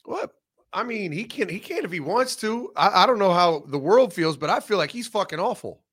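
A man co-hosting a casual sports talk show, blunt and profane, giving animated opinions. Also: sits high, normal speed, slightly rough.

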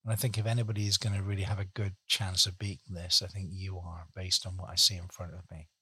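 A man's voice: low-pitched, little pitch movement, quick pace, pushed and bright, slightly rough, no echo. A man hosting a conversational interview, chatty and full of leading questions.

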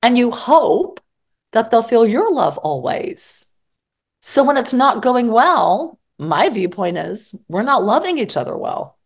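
A woman's voice: fairly high pitch, very animated, slow, husky. A middle-aged woman therapist giving candid, mildly profane relationship advice in conversation, often acting out both sides of an argument. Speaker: psychologist and therapist guest.

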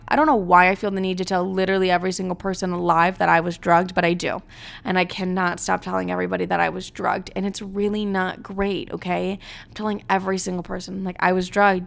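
A woman's voice: lowish voice, vocal fry, a bit bright. A young woman telling funny personal stories in a dramatic, swear-filled way, saying "like" constantly. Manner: dramatic, swears often, heavy use of "like". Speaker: storyteller. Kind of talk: comedic storytime monologue.

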